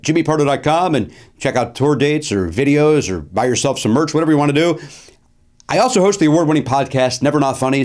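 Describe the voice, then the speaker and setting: Lively, high-voiced man telling stories. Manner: animated, repeats phrases, many "uh" fillers. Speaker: comedian and show host. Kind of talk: casual anecdotal storytelling.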